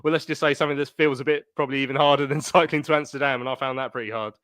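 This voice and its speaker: A man's voice: medium pitch, fairly even intonation, rapid-fire, fairly bright tone, dry recording. A man hosting a casual fan podcast, talking with frequent hesitant fillers. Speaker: podcast host.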